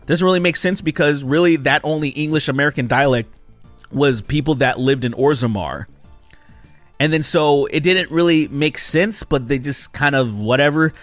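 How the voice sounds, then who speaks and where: A man's voice: on the high side, dry recording, soft background music. Exasperated man reviewing a game. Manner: animated and exasperated, mocking characters with quick impressions. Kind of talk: casual spoken game review.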